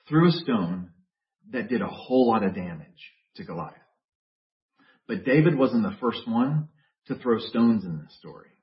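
A man preaching with lively, swooping intonation and playful asides to the congregation. His voice rings around a roomy hall. The sound is dull and slightly muffled. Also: mid-range voice, distant mic. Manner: animated storytelling, jokey asides. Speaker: pastor. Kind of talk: sermon.

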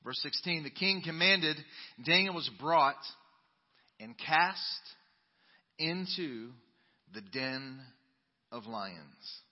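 A male pastor preaching a sermon, reading scripture dramatically and swinging between booming emphasis and soft asides. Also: animated, takes it slowly, long pauses, long reverb tail, highs cut off. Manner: dramatic Bible reading with sudden loud and quiet turns. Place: church sanctuary.

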